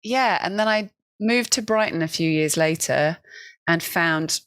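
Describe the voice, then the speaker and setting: Chatty lower-voiced woman, dry sound. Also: measured pace, a bit bright, clean tone, dry recording. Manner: chatty and self-mocking, laughs often. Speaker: guest improviser. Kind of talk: casual podcast interview.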